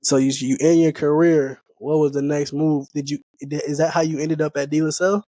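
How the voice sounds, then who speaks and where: A man with a Midwestern American accent hosts a podcast interview, his voice a touch higher than most men's. He asks questions in a relaxed, slangy, conversational way, and the close-mic recording is dry. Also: normal speed, no echo. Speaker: podcast host. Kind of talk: casual interview.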